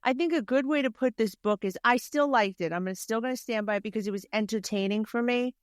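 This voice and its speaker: A woman co-hosts a casual book podcast, giving blunt, opinionated takes and swearing freely. Her voice is fairly high, smooth and resonant. The sound is close and dry. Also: fast talker, no echo. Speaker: podcast co-host. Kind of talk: casual book review chat.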